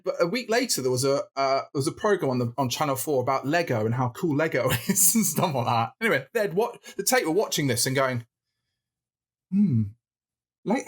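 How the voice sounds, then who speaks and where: In casual podcast chat, a northern English man appearing as a guest spins an animated, rambling tale full of restarts and laughter. His voice sits a little high.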